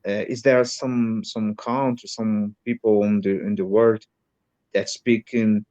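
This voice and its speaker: A man's voice: fairly low pitch, little pitch movement, measured pace, darkish tone, lo-fi sound. A man from Brazil with a Brazilian Portuguese accent, a native Portuguese speaker, asking questions in an English lesson and hesitantly searching for words. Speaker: English learner. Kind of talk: student in an online lesson.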